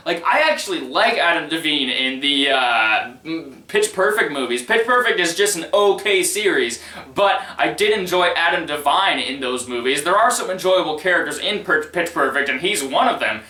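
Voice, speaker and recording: High, exasperated young man ranting in an echoey room. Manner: exasperated, sarcastic, rising into shouts. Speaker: movie reviewer. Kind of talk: ranting movie review. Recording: echoey room, distant from mic.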